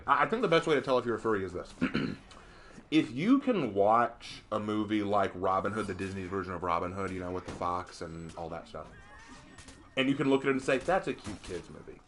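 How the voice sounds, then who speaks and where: Hoarse, wry, lively-voiced man. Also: mid-range voice, slight background noise. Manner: jokey, wry banter. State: hoarse, losing his voice. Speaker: stream host. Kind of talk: casual stream chat.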